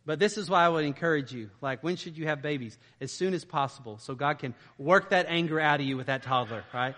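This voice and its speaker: A man's voice: a little high, brisk, a bit bright, in a large hall. A man preaching a conversational sermon, informal and often checking in with "right?". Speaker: pastor.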